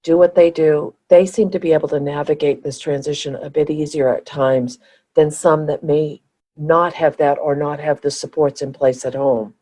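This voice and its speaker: A woman co-hosting a podcast, talking in an earnest way and often pausing to find her words. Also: deep voice, steady tone, dark tone, poor audio. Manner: earnest, restarts and searches for words. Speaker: podcast co-host. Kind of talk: conversational podcast chat.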